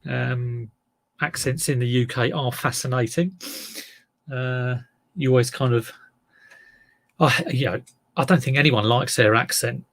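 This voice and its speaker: A man's voice: mid-range voice, a little slow, long pauses, fairly bright tone, dry recording. A man in his fifties with a Southeast English accent, hosting a casual live stream, rambling chattily and greeting viewers by name. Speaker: live-stream host and reseller.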